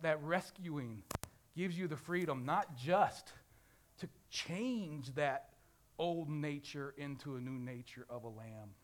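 A man from the Ozarks preaching a sermon as pastor, swinging between loud emphasis and hushed lines, asking his listeners rhetorical questions. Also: medium pitch. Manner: asks rhetorical questions, acts out a crying baby.

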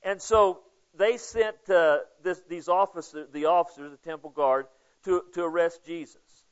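A man's voice: on the high side, moderate pace. Guy preaching, chatty and folksy, muffled lo-fi sound. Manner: conversational, addresses listeners by name. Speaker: pastor. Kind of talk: sermon Bible study. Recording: dull lo-fi sound.

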